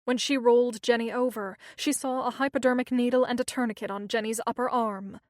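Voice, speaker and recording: A woman narrating a thriller audiobook in a steady, measured reading. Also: on the high side, dry recording, clean studio sound. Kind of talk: scripted narration.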